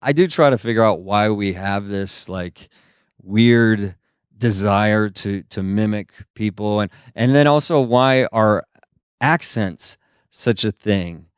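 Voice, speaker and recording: Speaking slowly and smoothly, a young man from the US performs stand-up on a small stage with a handheld microphone. He spins stories and mimics people in high, silly voices, captured in clean studio sound without room noise.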